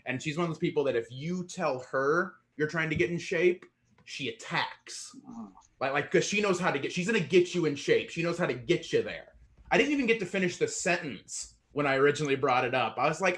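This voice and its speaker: A man from Indiana delivers a stand-up set, slightly out of breath. His voice sits a little high and sounds bright and forward. He stumbles over fillers and laughs his way into self-deprecating punchlines. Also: animated, brisk. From Indiana, USA. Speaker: stand-up comedian. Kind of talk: stand-up set on an online show.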